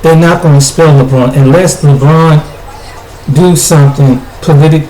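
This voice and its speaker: A man's voice: fairly high pitch, fairly even intonation, moderate pace, warm tone. Blunt man ranting in an echoey room. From United States. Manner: blunt, repetitive, with frequent restarts. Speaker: video commentator. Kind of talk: casual spoken commentary. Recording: echoey room with faint noise.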